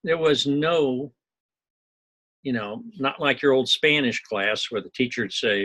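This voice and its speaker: A man's voice: mid-range voice, measured pace, bright, forceful tone, slightly rough, low-quality recording. A middle-aged man from Missouri giving a loose, digressive recorded lecture, full of asides and small jokes. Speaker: university instructor.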